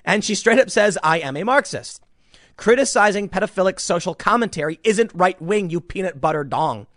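A man's voice: sits high, brisk, dry recording, clean studio sound. A man giving casual online commentary, talking emphatically with frequent restarts. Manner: animated, emphatic, ranting with repeated restarts.

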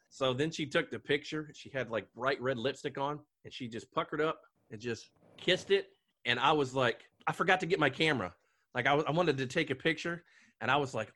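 A man's voice: medium pitch, moderate pace, sharp tone, no echo. A man hosting a podcast, chatting casually with guests and laughing often. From Delaware. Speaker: podcast host.

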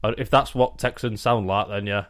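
A man's voice: on the low side, moderate pace, fairly bright tone, dry recording, studio quality. A young man co-hosting a podcast, joking crudely and matter-of-factly in casual banter. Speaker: podcast co-host.

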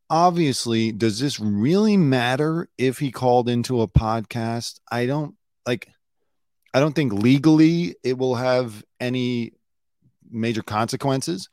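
A man hosting a casual true-crime talk show, with a somewhat low voice. He rambles and restarts his sentences often. The sound is close and dry, with no room around it. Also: darkish tone, no room sound. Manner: chatty, rambling, with frequent restarts. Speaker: podcast host.

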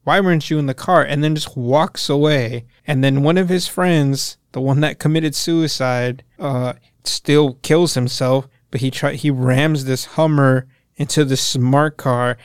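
A young man co-hosting a podcast, casually recapping a show in a profane, animated way and acting out the characters' lines. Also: medium pitch, unhurried, hardly any pauses, clean tone, no room sound, clean studio sound. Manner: profane, animated retelling with quoted voices. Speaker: podcast co-host.

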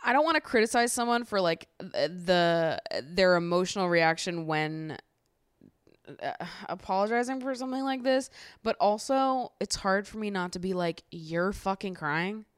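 Smooth-voiced woman ranting about reality TV. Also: medium pitch, normal speed, dry recording, clean studio sound. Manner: animated, swears freely, exasperated ranting. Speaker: podcast host. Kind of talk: casual reality TV recap.

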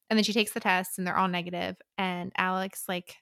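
A woman's voice: fairly low pitch, flat delivery, brisk, vocal fry, hardly any pauses, a bit bright, clean tone, no echo, clean studio sound. A woman co-hosting a casual book chat podcast, talking loosely with lots of fillers and acting out characters' lines. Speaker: podcast co-host.

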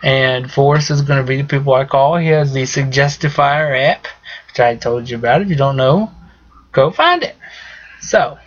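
A man's voice: mid-range voice, normal speed. A man co-hosting a comedy podcast, running an improv game in a loose, giggly way. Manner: giggly, loose, breaking into laughter. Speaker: podcast co-host. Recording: dull lo-fi sound with faint hiss.

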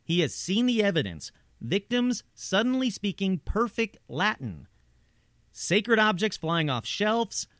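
A man's voice: high-pitched, very animated, a little slow, a bit bright, no echo, studio quality. A man narrating paranormal stories in a conversational way, with asides and rhetorical questions. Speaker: host. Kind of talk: true-crime style narration.

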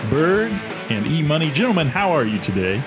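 A man's voice: a little high, sing-song, fairly quick, music in the background. A man hosting a podcast, talking in casual banter with lots of hesitant fillers. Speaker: podcast host.

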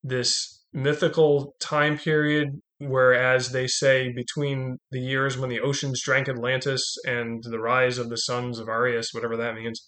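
A man's voice: mid-range voice, unhurried, few pauses. A middle-aged man hosting a podcast, chatting casually about a film and animatedly acting out its quotes. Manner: animated, acts out movie quotes. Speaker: podcast host.

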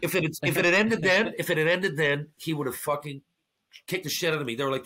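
A man recounts a story in loose, animated podcast talk, peppered with swearing. His voice sits a little higher than most men's. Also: quick pace. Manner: profane, animated anecdote-telling. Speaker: podcast guest. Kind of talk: casual storytelling.

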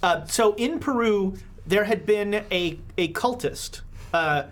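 A woman acting as game master, narrating scenes and quizzing her players in an animated way. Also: mid-range voice. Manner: animated, quick to laugh, asks players questions. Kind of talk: narrating a tabletop horror game.

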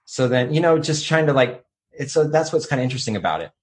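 A man's voice: mid-range voice, very animated, fast. A man on a podcast telling a personal story in a loose, reflective way, with many fillers. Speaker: podcast co-host.

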